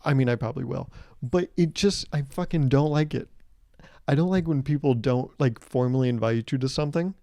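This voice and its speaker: A young man in his twenties rants through a solo podcast, sarcastic and rambling, swearing often and jumping into little acted-out scenes. His voice is gravelly and mellow. It is recorded close up on a dry mic. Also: mid-range voice, fairly quick, dry recording. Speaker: podcast host. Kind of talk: solo comedic podcast rant.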